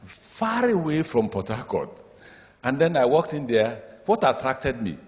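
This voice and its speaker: A man's voice: medium pitch, measured pace. Nigerian man giving a speech at a summit, acts out the back-and-forth in his stories, big echoey hall. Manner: lively storyteller, acts out dialogue in speech, draws audience laughter. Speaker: state governor addressing an education summit. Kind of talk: speech with anecdotes. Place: large conference hall. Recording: reverberant hall.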